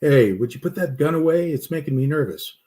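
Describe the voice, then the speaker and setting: A man's voice: fairly high pitch, animated, fairly quick, mellow, lightly acted. A man voicing a twitchy, nervous male drug addict who talks in a jittery, pleading way in a spoken story.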